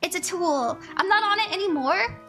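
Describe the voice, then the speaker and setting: Her voice is very high-pitched, expressive, bright and forceful, delivered at normal speed. This young livestream tarot reader gushes emotionally and laughs a lot as she chats casually with her viewers over faint background music.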